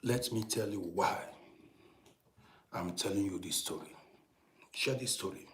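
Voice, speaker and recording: A middle-aged man telling a personal story in a casual monologue, dropping to hushed whispers and rising to loud, emphatic bursts, often repeating and restarting phrases. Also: lowish voice, a little slow, reverberant. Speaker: storytelling channel host.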